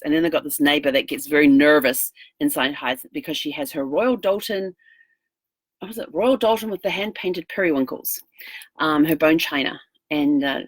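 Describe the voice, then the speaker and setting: Chatty, rambling woman vlogger, lowish voice. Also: no echo. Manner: chatty, rambling, laughs easily. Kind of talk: casual daily video diary.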